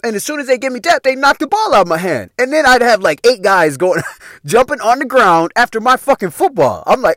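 A man telling a casual personal story to his viewers, animated and heavy on profanity, often breaking into laughter. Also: extremely high pitch, fairly quick, no room sound, clean studio sound.

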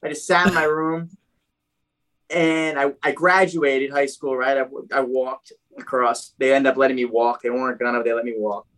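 A young adult man telling his own story in a casual, animated way, full of "like" and "dude". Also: mid-range voice, normal speed, low-quality recording. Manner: animated, heavy use of "like" and "dude".

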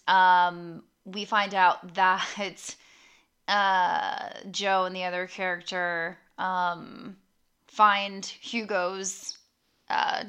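A woman's voice: on the low side, pushed and bright, clear, resonant tone. A young woman casually recapping a horror movie to her viewers, with lots of ums and likes and the odd swear word. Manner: talks straight to her viewers.

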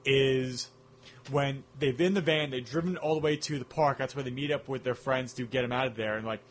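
A man's voice: mid-range voice, a little fast, slight background noise. A man co-hosting a casual film chat, rambling enthusiastically and humming music cues. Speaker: podcast co-host.

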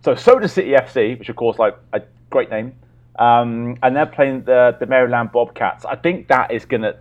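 A man, chatting casually as a podcast co-host in an easygoing way. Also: medium pitch. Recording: dull lo-fi sound.

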